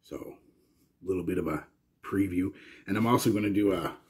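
A Canadian man talks casually to his viewers, wandering through his thoughts with plenty of restarts. His voice sits very low with a husky, breathy edge. The delivery is loose, chatty vlog talk. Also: fast. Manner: rambling and chatty, with frequent restarts. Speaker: fragrance reviewer.

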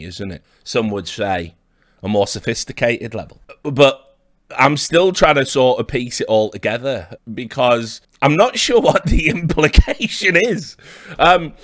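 A man's voice: mid-range voice, fairly bright tone, no echo. A man hosting a livestream, mocking and rambling in a dry, sardonic way with chuckles. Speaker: livestream host.

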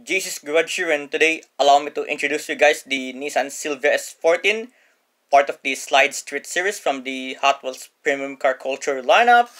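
A man's voice: on the high side, moderate pace, fairly bright tone. A man hosting a casual toy car review, upbeat and prone to correcting himself mid-sentence. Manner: enthusiastic, repeats "or should I say" self-corrections.

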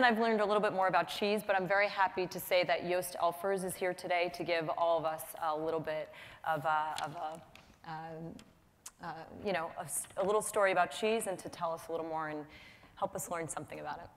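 A woman with a New York accent hosts the event in a chatty, teasing way, with a fairly low voice. Her speech rings with the long reverb of a hall. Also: fairly even intonation, fairly quick, a bit bright. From New York, United States. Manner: chatty, teasing, laughs often. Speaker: event host. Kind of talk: casual stage introduction.

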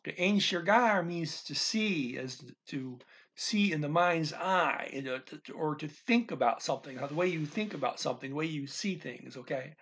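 A man teaching a language in a casual, thinking-aloud way, reading phrases slowly and restarting often. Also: on the high side, a bit bright, husky. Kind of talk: casual explanatory lesson.

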